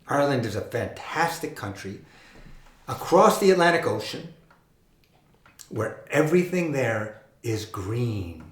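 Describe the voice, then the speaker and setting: A man hosting a children's music show, explaining things to kids in a gentle, enthusiastic way. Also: mid-range voice, sing-song, measured pace, reverberant.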